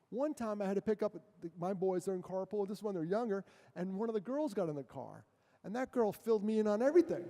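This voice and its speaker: A middle-aged man giving a talk to an audience, animated, acting out quotes and joking with the crowd. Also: high-pitched. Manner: animated storyteller, acts out quotes, jokes with the crowd. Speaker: guest speaker. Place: large hall with an audience. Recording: long hall reverb.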